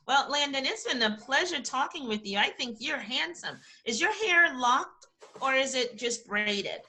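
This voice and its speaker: Middle-aged female guest, bright slightly high voice, encouraging and complimentary. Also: expressive, unhurried. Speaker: interview guest, talent agency founder. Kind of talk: casual interview chat.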